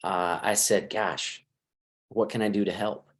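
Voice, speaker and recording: In an unhurried, lowish voice, a middle-aged marriage counselor talks through his advice in a conversational interview. He keeps things lively, dramatizing pieces of dialogue as he speaks.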